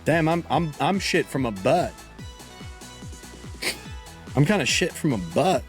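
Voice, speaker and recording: A man streaming live with casual, excitable chat, yelping and swearing when things go wrong. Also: fairly high pitch, slow, soft background music. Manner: excitable, yelps and swears at mistakes.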